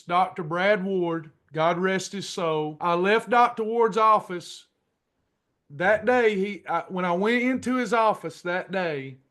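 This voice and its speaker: A middle-aged man telling a personal testimony to a class in a folksy, drawn-out way, acting out the dialogue. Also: high-pitched, a bit bright. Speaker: pastor and weight-loss class leader.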